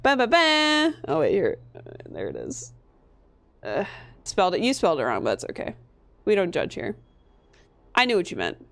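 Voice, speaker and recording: A young woman from Minnesota giving casual gameplay commentary, chatty, swearing freely and laughing often. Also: fairly low pitch. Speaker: streamer.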